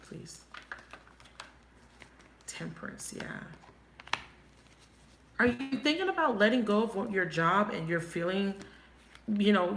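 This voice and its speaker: A woman giving a live tarot reading, thinking aloud and asking quick, emotive questions. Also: mid-range voice, fairly bright tone. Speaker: tarot reader. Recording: echoey room, faint noise.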